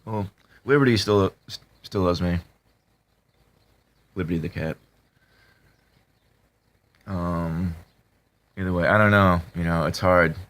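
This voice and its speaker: A man talking casually to his subscribers, halting with many fillers and restarts, in a flat tone that can sound annoyed. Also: deep voice. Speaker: video creator talking to subscribers. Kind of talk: casual confessional talk to camera.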